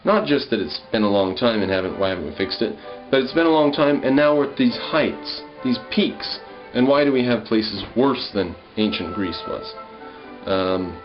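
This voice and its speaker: A man with a fairly low voice reads his own verses aloud, then talks through the writing process in a loose, musing way, pausing on ums and restarting his sentences. The recording is dull and lo-fi, with faint music underneath. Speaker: poet. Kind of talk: casual spoken commentary on his own poem.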